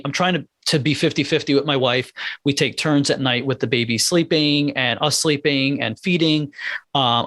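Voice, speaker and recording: A middle-aged man, a pediatrician guest on a podcast, telling a personal story in a candid, halting way with many restarts. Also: medium pitch, a bit bright, no room sound.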